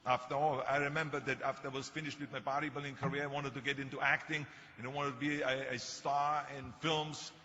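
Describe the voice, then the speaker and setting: A man's voice: mid-range voice, level tone, brisk, few pauses, bright, forceful tone, lo-fi sound, slight background noise. An older man with a German accent giving a motivational speech, telling stories in an emphatic, self-mocking way. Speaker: motivational speaker. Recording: long hall reverb, faint ambience.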